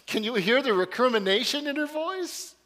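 A male pastor preaching a sermon, swinging between loud rhetorical questions and hushed, intimate passages, often repeating his words for emphasis. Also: very high voice, lively intonation, moderate pace, big-room sound.

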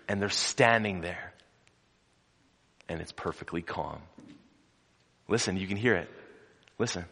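Low-voiced preacher in a reverberant hall. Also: male voice, unhurried, creaky, pauses often. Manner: dramatic storytelling, swings from loud to hushed; asks the congregation questions. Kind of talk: sermon.

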